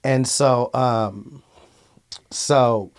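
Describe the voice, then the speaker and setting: Bay Area man, podcast guest, blunt storyteller who swears a lot and fills pauses with "um". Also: medium pitch, smooth. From Antioch, California. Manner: outspoken, blunt, swears freely, many fillers. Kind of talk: casual storytelling interview.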